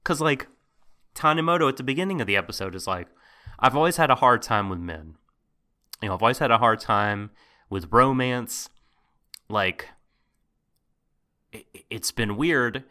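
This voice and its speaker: Casting note: bright, expressive man co-hosting a podcast, excitable rants, swears a lot. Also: normal speed, long pauses. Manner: animated ranting, swearing, voice jumps high when exasperated. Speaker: podcast co-host. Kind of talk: casual anime discussion podcast.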